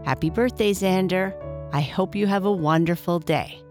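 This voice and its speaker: A woman narrating a bedtime story in a slow, gentle, soft-spoken way. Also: on the low side, soft background music.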